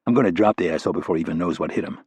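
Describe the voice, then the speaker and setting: A cool, tough male agent who talks in clipped, assured lines, as a narrator plays him. The voice is low and husky, recorded close and dry, with a quick, flat menace. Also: no echo, muffled recording. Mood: cool, threatening. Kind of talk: audiobook character reading.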